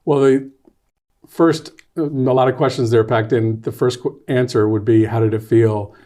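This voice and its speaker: A man being interviewed as a guest author and playwright. He is a lively storyteller who rambles, backs up and restarts. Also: mid-range voice, normal speed. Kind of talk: casual interview.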